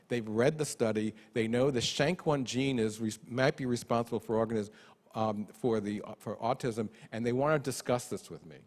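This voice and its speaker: A man giving a conference talk with lively, self-deprecating humor, acting out parents' voices. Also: medium pitch. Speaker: conference speaker. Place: large conference hall. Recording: long hall reverb.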